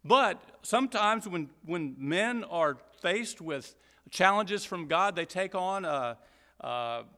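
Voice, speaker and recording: Male Bible teacher from Georgia, slightly high, bright tone, unhurried delivery, long hall reverb. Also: expressive. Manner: explanatory, deliberate, emphatic repetition.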